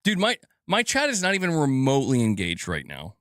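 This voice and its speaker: A man speaks at a mid pitch, close to a dry-sounding mic with no room echo. He comments casually on a live stream. His delivery is loose and profane. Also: huge pitch swings, a little fast, fairly bright tone. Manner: casual and profane, laughs at himself. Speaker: gaming news streamer.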